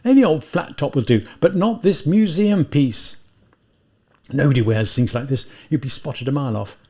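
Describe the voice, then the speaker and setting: A man's voice: fairly high pitch, animated, normal speed, a little mellow, breathy edge. A man voicing a jittery young man muttering. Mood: anxious muttering. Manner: nervous muttering, dropping to whispers. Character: anxious impoverished young male student muttering to himself.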